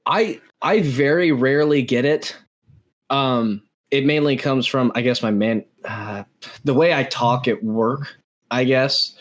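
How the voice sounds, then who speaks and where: A young man from Texas talks through a casual podcast conversation. He rambles and backtracks, restarting his sentences as he thinks aloud. His voice sits in an ordinary middle pitch. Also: unhurried. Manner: rambling, self-correcting. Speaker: podcast co-host. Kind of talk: casual chat.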